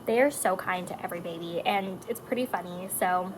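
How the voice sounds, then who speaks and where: A woman's voice: lowish voice, a little fast, background noise. A woman, a mother of four chatting casually while doing her makeup, emotional and rambling with lots of fillers. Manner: chatty and emotional, drifting between topics with frequent likes and fillers.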